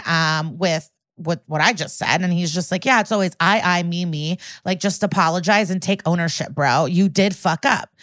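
A woman co-hosting a podcast, casually recapping an episode and acting out the characters' lines with animated swings in voice. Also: lowish voice, no echo. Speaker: podcast co-host.

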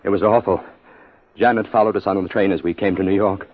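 A man's voice: low voice, fairly even intonation, fast talker. An actor playing a distraught, stammering young newlywed man in a 1950s radio drama. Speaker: widowed groom. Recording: dull old radio broadcast.

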